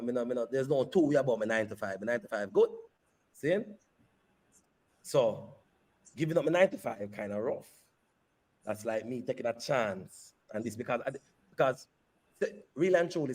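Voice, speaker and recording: A man, a company CEO, telling a personal story in an interview with animated, repeated phrases. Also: mid-range voice, moderate pace, pauses often. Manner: animated retelling that repeats phrases and slips into patois.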